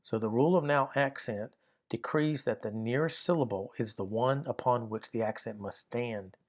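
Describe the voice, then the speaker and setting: Man, grammar teacher, methodical lesson, middle-pitched voice, repeats himself while working through examples. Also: moderate pace.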